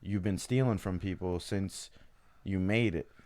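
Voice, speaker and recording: A man in a relaxed studio podcast chat as a guest fighter, blunt and fired up as he rambles. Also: deep voice, a little slow, no room sound.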